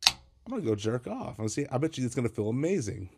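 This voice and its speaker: A man's voice: medium pitch, very animated, quick pace, heavy background noise. A man co-hosting a casual podcast, telling stories in a laid-back way, full of fillers and swearing. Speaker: podcast co-host. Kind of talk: casual chat.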